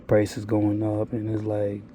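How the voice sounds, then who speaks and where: A man's voice: on the low side, monotone, slow pace, mellow, slight background noise. A man telling a blunt, profane, rambling confessional monologue to his viewers. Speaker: vlogger.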